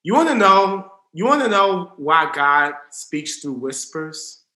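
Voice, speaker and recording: A man preaching in an earnest sermon style, dropping to a hush for emphasis. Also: a little high, sing-song, takes it slowly. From Southern US. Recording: roomy echo.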